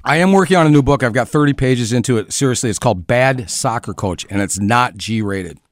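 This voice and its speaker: A man's voice: medium pitch, a little fast, no echo. A middle-aged man, a former soccer player, telling jokey stories as a guest in a casual podcast chat. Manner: jokey storyteller with a dry, easygoing delivery.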